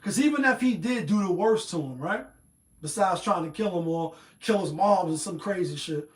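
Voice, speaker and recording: A man's voice: sits high, expressive, normal speed, roomy sound. Male host, streetwise and rambling. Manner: streetwise, profane, rambling opinion talk. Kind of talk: casual monologue.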